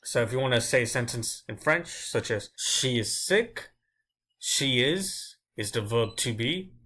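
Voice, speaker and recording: A man teaching grammar as a language teacher, explaining step by step and slowing down to drill each example word. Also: medium pitch, lively intonation, sharp tone, husky. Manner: slow, deliberate drilling of example words.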